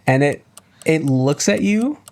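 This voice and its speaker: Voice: mid-range voice, expressive, slow, a little mellow. A co-game master narrating a tabletop role-play podcast in a casual, slangy way.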